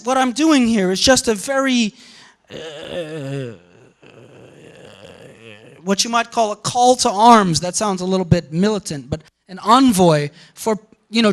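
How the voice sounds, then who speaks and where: A man lecturing a class in an animated way, often quoting example sentences and breaking off mid-thought. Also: sits high. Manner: animated, quotes example sentences, interrupts himself.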